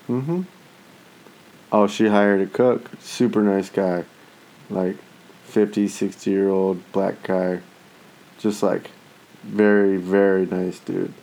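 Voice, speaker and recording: A man's voice: low-pitched, slow, long pauses, poor audio. A man in his thirties in casual chat, telling stories with a lot of swearing and acted-out quotes. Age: 30s. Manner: profane, animated storytelling with voiced asides.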